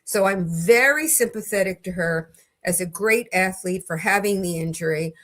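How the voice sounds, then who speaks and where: A woman's voice: on the low side, moderate pace, a bit bright. Chatty opinionated woman hosting a livestream. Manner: chatty, opinionated storytelling with restarts. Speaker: legal commentator host. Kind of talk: livestream commentary.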